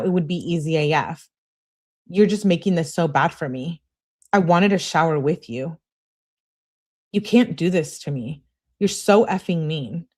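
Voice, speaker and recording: An insistent young woman pleads with her boyfriend and makes demands of him, as a woman reads her messages aloud. The delivery is raised and pushy, sitting a little above a low natural voice. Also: darkish tone.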